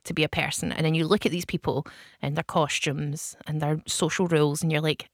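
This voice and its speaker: A woman's voice: low voice, a little fast, vocal fry, no echo, studio quality. A woman co-hosting a radio show in casual chat, self-mocking and laughing often. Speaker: radio co-host.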